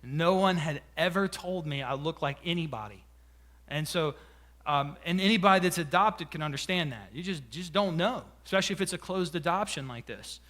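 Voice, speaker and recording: Man pastor, sermon delivery, personal and emotional, halting restarts, high tenor. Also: fairly bright tone. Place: church sanctuary.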